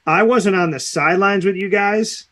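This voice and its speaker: A man with a high-sitting voice speaks at a moderate pace while hosting a sports radio show. He tells stories in casual chat, an animated storyteller who acts out quotes.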